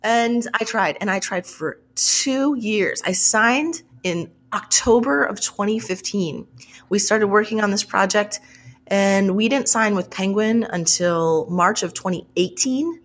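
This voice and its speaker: A woman author, a guest on a podcast, telling stories in a casual, animated, sweary way and laughing often. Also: medium pitch, measured pace. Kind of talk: casual interview chat.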